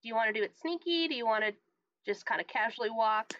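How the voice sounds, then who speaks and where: A woman narrating a tabletop horror game as game master, halting with many restarts and quick laughs. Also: a little high, animated, sharp tone, highs cut off.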